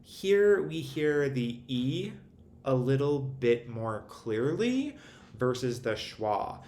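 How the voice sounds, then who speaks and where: A man giving a recorded lesson, explaining things in a measured, methodical way. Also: medium pitch, very animated, a little mellow. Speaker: literacy instructor. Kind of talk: recorded lecture. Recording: roomy echo, faint ambient noise.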